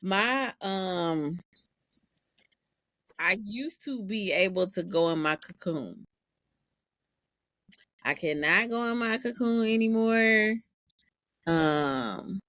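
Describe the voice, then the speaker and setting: A woman's voice: fairly low pitch, a bit bright, no room sound. Wry, reflective woman, dry sound. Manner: reflective, hesitant with ums, wry humor. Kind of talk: casual group chat.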